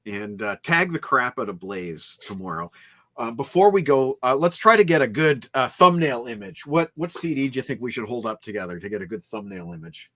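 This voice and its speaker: A man's voice: medium pitch, lively intonation, a little fast, a bit bright. A man hosting a rock music podcast in upbeat, chatty talk. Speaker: podcast host. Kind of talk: casual chat.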